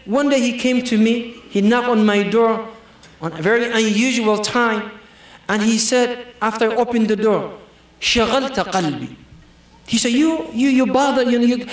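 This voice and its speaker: A man with as his giving a humorous sermon, acting out quoted dialogue. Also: high-pitched. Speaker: preacher. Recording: echoey hall, from far off.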